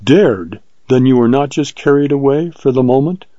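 A male narrator voicing a proud, spirited young woman in a storybook reading, lifting his pitch into a lilting tone. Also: normal speed, dark tone, no room sound, muffled recording, natural voice. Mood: wondering. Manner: raised, lilting pitch with a light tone.

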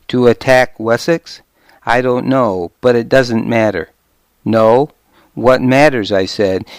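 Male audiobook narrator, first person, measured, very slow, smooth clear voice, dry close mic. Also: medium pitch, no echo. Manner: measured, steady storytelling.

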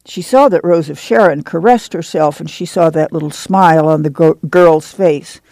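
A man reading a novel aloud in measured, steady narration. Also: fairly high pitch, no echo, low-quality recording. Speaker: audiobook narrator. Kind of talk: scripted narration.

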